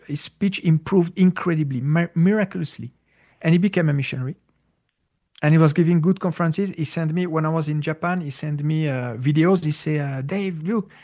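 Interviewee, male, gravelly voice pitched a bit high, halting storyteller with many fillers. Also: darkish tone. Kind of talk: casual spiritual storytelling.

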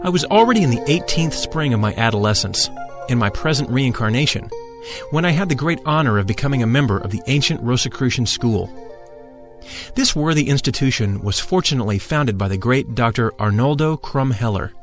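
A man reading a first-person spiritual memoir aloud in a measured, formal and emphatic way, now and then drawing out intoned vowels. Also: mid-range voice, animated, music in the background. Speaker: audiobook narrator.

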